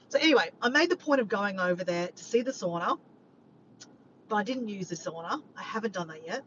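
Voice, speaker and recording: A woman's voice: mid-range voice, expressive, fast. A woman chatting casually to her vlog audience, rambling from point to point and swearing freely. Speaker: vlogger. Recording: dull lo-fi sound with faint background noise.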